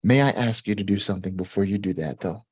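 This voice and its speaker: Man, live Q&A host, animated, repetitive, high jumps in pitch, dry sound. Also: fast talker, slightly rough, no echo. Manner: animated, repetitive, swoops up high when excited. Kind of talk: live-stream Q&A talk.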